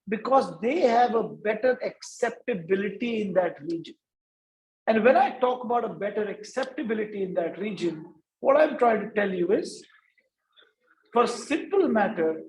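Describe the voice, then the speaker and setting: A man's voice: sits high, a little mellow, echoey room, low-quality recording. A man from India giving a lecture at a business workshop, stopping after nearly every point to ask "right?". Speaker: workshop speaker. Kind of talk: lecture to students.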